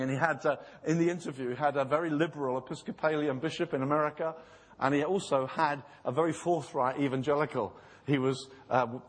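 A man preaches a sermon in a slightly raised, husky voice. He is earnest, acts out the voices he quotes, and slows down to stress his points. The sound carries the long reverb of a large hall. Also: a little high.

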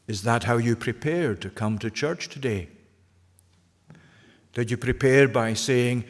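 A pastor preaching a sermon, earnest, putting repeated questions to the congregation. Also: male voice, medium pitch, a little slow, long pauses, in a large hall. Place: church.

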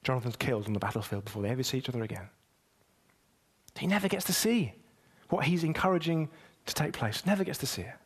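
A man's voice: fast talker, slightly rough. A man preaching a sermon, speaking straight to the congregation and building to emphatic peaks. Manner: emphatic, with wide swings in pitch and loudness.

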